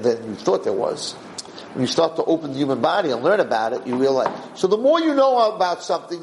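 A man giving a Torah class, lively and animated, often acting out the people he quotes. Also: on the high side. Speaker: Torah teacher. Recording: roomy room echo, faint background hiss.

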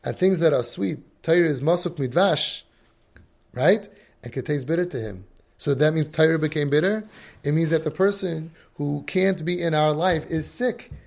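A man's voice: a little high, moderate pace, creaky, darkish tone. A man giving a religious lecture as a parenting coach, emphatic and acting out the voices he quotes.

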